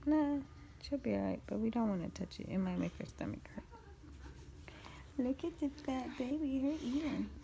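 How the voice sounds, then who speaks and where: A woman's voice: on the high side, expressive, normal speed, creaky, warm tone, slight background noise. A mother filming her baby on a phone at home, talking to her in fond, cooing baby talk. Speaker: mother and vlogger. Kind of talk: casual home video. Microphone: handheld phone.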